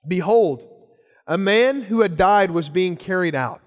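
A man preaching a sermon with a high, light voice. He speaks earnestly, doubling back on his words as he builds each point. The sound rings with the long reverb of a big hall. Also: lively intonation, a little slow. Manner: earnest preaching with repeated phrases and restarts. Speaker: pastor.

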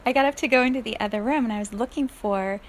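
Chatty woman telling a story, fairly high voice. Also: fast, a little hiss or hum. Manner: chatty, animated, laughs often. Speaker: energy healer. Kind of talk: casual storytelling monologue.

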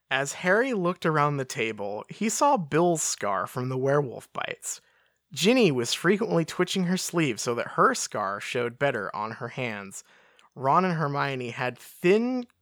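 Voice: mid-range voice, a bit bright, no room sound, studio quality. A podcast co-host in casual chat, reading fan fiction aloud with playful character voices.

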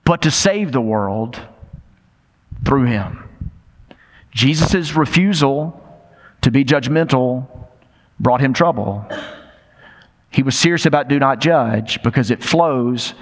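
A man's voice: mid-range voice, lively intonation, takes it slowly, pauses often. An older man preaching a sermon, emphatic and conversational, with rhetorical questions and repetition. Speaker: pastor. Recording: long reverb of a large hall.

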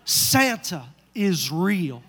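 A man's voice: high voice, big pitch swings, drawn-out words, fairly bright tone, voice pushed down, exaggerated voice. Stern wife, as a preaching man quotes her. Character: exasperated wife questioning her husband. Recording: long hall reverb.

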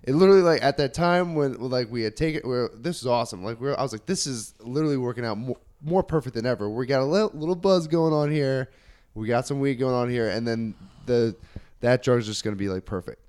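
A man telling a long story in casual chat, animated and rambling, with many restarts. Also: medium pitch, a little fast, clean tone.

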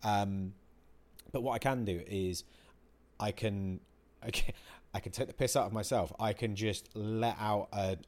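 A man with a lowish voice, chatting casually on a podcast. He talks in an animated way, swears freely and acts out the things he shouts at himself. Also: measured pace. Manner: animated, swears freely, acts out his own quoted outbursts. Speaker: podcast co-host. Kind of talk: casual chat.

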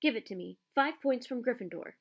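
A woman's voice: a little high, animated, a little fast. A woman voicing a spiteful male schoolteacher who speaks curtly and coldly in a storybook reading. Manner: cold, curt, snapping.

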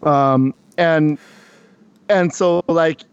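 A man's voice: on the high side, steady tone, extremely slow, smooth, dry recording, muffled recording. A man, co-hosting a casual podcast and telling a long story with lots of restarts and fillers. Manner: rambling, many restarts and fillers. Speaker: podcast co-host.

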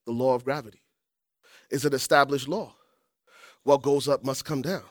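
A man preaching a sermon as the pastor, with animated call-and-response and frequent calls out to the congregation. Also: mid-range voice, normal speed, no echo, clean studio sound.

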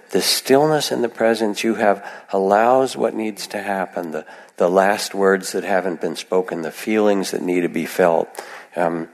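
Male meditation teacher, gentle and reflective; very low gravelly voice, long hall reverb. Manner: gentle, reflective, with soft acted asides. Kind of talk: dharma talk.

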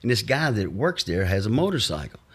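Husky low-voiced man. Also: sing-song, fairly quick. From Mississippi, USA. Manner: rambling anecdotes full of "you know" and chuckles. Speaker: interviewee. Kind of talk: casual storytelling.

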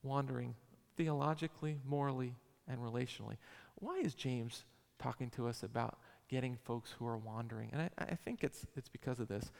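A man's voice: medium pitch, steady tone, brisk, vocal fry, a little mellow. A man in his forties preaching a sermon in a church, with an emphatic, repetitive cadence. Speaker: pastor. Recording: long hall reverb.

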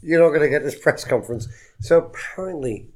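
A man's voice: a little high, expressive, fairly quick, a little hiss or hum. Blunt, opinionated male podcast guest. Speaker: podcast co-host, bar's director of football. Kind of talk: casual chat. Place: bar in San Diego.

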